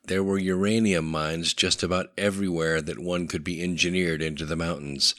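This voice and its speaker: A man narrating a thriller audiobook in a steady, measured way. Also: low voice, dry recording, studio quality.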